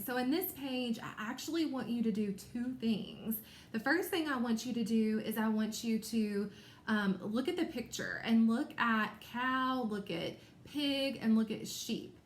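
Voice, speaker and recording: A woman teacher talks young readers through a picture book in a recorded lesson. Her voice sits a little high, and she explains each step clearly and encouragingly. The room around her gives a noticeable echo. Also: slight background noise. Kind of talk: recorded small-group reading lesson.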